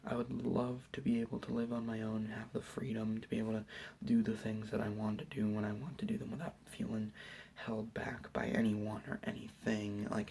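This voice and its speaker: A young man giving a soft, hesitant, whispered ASMR Q&A at home late at night, rambling with lots of fillers. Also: on the low side, vocal fry. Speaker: YouTuber answering questions.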